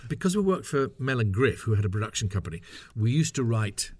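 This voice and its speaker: Middle-aged guy rambling thru funny career stories, laughs a lot, mid pitch, dead dry mic. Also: big pitch swings, quick pace, slightly rough, no echo. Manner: chatty, self-mocking, laughs often. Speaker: interview guest, voice actor. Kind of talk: casual anecdotal interview talk.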